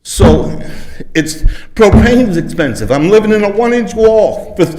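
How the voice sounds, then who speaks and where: A man's voice: high-pitched, sing-song, unhurried, darkish tone, a little hiss or hum. A man giving an emotional public comment at a council podium, pleading and frustrated. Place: council chambers. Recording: echoey hall.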